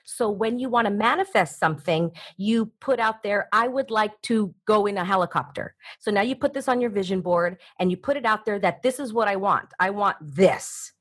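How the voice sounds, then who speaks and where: Husky, energetic woman coach. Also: medium pitch, moderate pace, hardly any pauses. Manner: energetic, acts out voices in quotes. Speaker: guest coach. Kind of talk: animated interview talk.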